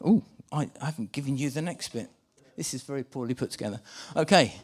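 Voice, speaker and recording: A man preaching a sermon in church, animated and full of restarts as he directs volunteers acting out a scene for the congregation. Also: medium pitch, fast, slightly rough. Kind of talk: sermon with live volunteer re-enactment.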